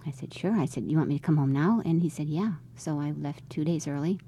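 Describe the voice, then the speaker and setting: Her voice deep and mellow with a breathy edge, a middle-aged mother talks quickly through a family story in an interview. She keeps it conversational and acts out what each person said.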